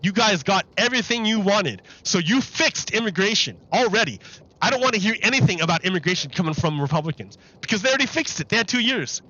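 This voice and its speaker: A man's voice: high-pitched, expressive, fast, pushed and bright, highs cut off. A man live-streaming commentary on a political interview, exasperated and repeating his questions over the clip.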